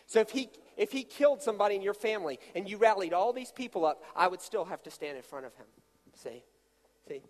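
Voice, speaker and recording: He's a fast talker whose voice sits high, preaching a sermon while bantering with volunteers during an acted-out demonstration. His storytelling is animated and full of jokes. The sound carries a long hall reverb.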